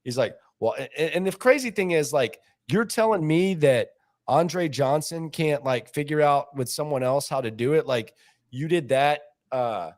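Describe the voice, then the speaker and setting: Animated man telling a story. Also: fairly high pitch, moderate pace. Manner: animated, mimics people he quotes, repeats words for laughs. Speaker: sports show host. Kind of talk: casual storytelling.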